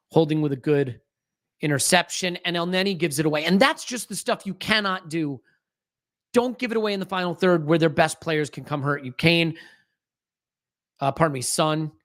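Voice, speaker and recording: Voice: mid-range voice, fairly bright tone. A podcast host giving live watch-along commentary on a match, anxious and restless, often restarting sentences and fiddling with a desk microphone.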